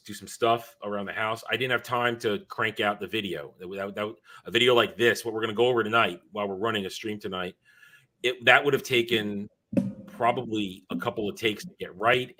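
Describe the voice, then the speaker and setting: Brief: male streamer, tired, rambly casual chat, bright forward tone. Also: fairly low pitch, fairly even intonation, fairly quick. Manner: rambling, self-correcting, chatty. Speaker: streamer hosting his own show.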